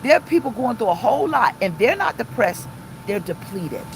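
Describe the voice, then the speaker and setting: A middle-aged woman pastor giving an impassioned, emphatic, repetitive live-streamed sermon from inside a car, pausing to read viewer comments. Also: on the high side, sing-song, vocal fry, slight background noise, poor audio.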